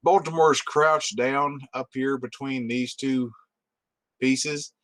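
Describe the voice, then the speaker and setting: A man runs a tabletop game in a relaxed, descriptive way. His voice sits at a middling pitch, and the sound is dry and close. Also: slow pace, no room sound. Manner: easygoing, descriptive. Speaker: game master.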